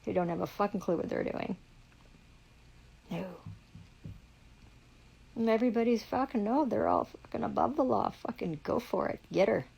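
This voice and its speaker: Profane, gravelly-voiced woman ranting. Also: mid-range voice, expressive, normal speed, pauses often, a little mellow, low-quality recording. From Canada. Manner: heavily profane, indignant, rambling. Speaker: livestreamer. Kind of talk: angry live-stream rant.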